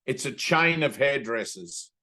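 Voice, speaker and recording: A man's voice: mid-range voice, expressive, measured pace, pushed and bright. A man, a spiritual teacher giving a satsang talk over a video call, telling rambling stories and slipping into playful voices. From Australia.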